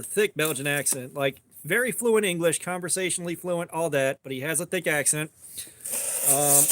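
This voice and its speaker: A man's voice: on the high side, a bit bright, a little hiss or hum. A man in his forties from Georgia with a fairly neutral American accent, chatting casually and rambling with lots of hesitations. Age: 40s. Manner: rambling, loose, hesitant with fillers. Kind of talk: casual chat.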